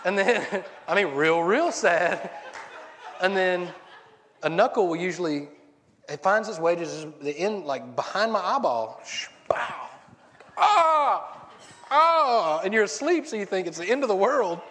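A man delivers a casual sermon, rambling, cracking jokes, and often cutting himself off mid-sentence. His voice is high, expressive, and a bit bright at a moderate pace, with long reverb from the hall.

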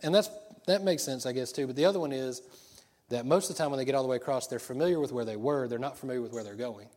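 A middle-aged pastor with a drawl delivers a sermon. He keeps it loose and chatty, cracking jokes and laughing between points, and his voice sits at an ordinary pitch for a man. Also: quick pace, darkish tone. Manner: chatty and joking, laughs often.

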